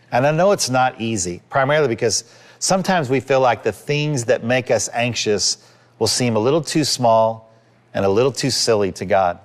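A man in his fifties, a pastor giving a sermon in an earnest, conversational way, acting out little quotes. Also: lowish voice.

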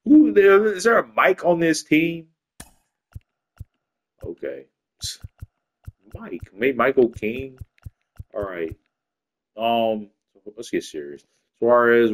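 Tired, cussing gaming guy with a lively voice. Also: mid-range voice. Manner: profane, rambling, swings from sleepy mumbling to sudden outbursts. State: tired late at night. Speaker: gaming YouTuber. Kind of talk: casual gameplay commentary.

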